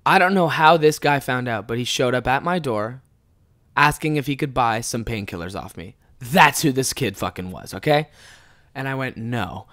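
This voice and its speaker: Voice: mid-range voice, expressive, normal speed, a bit bright. A podcast host in their twenties, telling a long rambling story in a casual, swear-heavy way, often breaking into laughs. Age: 20s.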